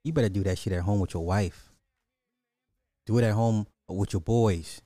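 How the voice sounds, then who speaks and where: A man's voice: fairly low pitch, no echo. Man joking through reaction commentary. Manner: animated, joking, breaks into laughter. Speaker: reaction video host.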